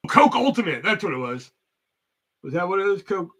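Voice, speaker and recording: A man's voice: sits high, very animated, normal speed, bright, forceful tone. A man hosting a casual livestream chat, rambling and swearing heavily as he talks. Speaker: host.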